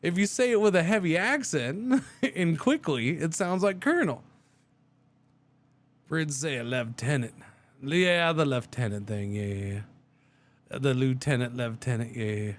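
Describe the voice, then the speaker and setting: A man's voice: on the high side, expressive, measured pace. A man streaming a truck driving game, chatting casually and thinking aloud with many restarts.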